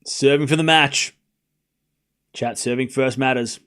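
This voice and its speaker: A man giving casual live play-by-play of tennis for his stream, talking to chat and shouting at big points. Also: mid-range voice, measured pace. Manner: excitable, talks straight to chat, bursts of shouting at big points; casual and chatty, with slang and asides. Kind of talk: live watchalong play-by-play commentary.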